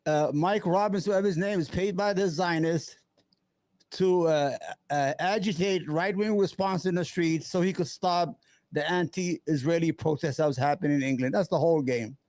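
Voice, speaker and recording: A man with a high, dry voice mocks and heckles as he reacts to video clips. He talks in a scornful tone with plenty of "uh" fillers and jabs, close to the mic in a deadened room. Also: normal speed, a little mellow, no room sound. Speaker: YouTube commentator reacting to clips. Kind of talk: mocking reaction commentary.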